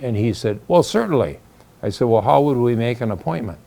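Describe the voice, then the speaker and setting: A man's voice: medium pitch, fast, gravelly, mellow. An older man telling a story in a folksy, casual way, acting out the voices of the people he quotes. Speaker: storyteller recounting the founding.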